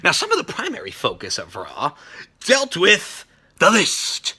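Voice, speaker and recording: A man hosting a wrestling reaction show, ranting loudly and sarcastically and swearing constantly. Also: sits high, wildly swooping pitch, measured pace, husky. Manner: loud, sarcastic, swears constantly, shouts often. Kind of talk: profane ranting review.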